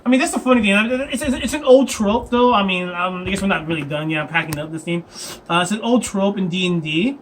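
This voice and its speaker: Man, high-pitched, chatty dungeon master, filler-heavy rambling, faint background noise. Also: quick pace. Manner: rambling, laughing storyteller with many fillers. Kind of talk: casual chat.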